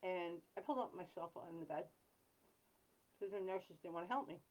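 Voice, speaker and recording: A woman hosting a live chat, talking in an earnest, rambling way with frequent pauses and apologies. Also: fairly low pitch, lo-fi sound. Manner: blunt and self-deprecating. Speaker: livestream host.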